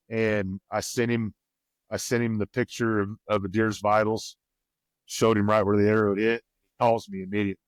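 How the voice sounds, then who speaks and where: Podcast guest, male, twang, folksy storyteller, lowish voice, dry booth sound. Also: dry recording. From Missouri, USA. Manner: rambling, folksy, quotes others with raised pitch. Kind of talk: casual storytelling.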